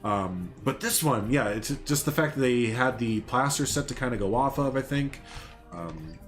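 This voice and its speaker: A man's voice: medium pitch, animated, normal speed, faint music behind. A young man rambling casually on a live game stream, chatting with viewers as he builds. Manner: rambling, chatty, reads and answers chat.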